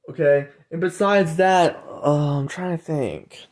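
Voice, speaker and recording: A man with a fairly high voice vlogs in a casual, rambling rant. He repeats himself constantly and tacks "okay?" or "guys" onto nearly every point. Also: very animated, slow, few pauses. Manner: repetitive, says "okay?" and "guys" after most points; mocks others in higher put-on voices. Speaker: vlogger.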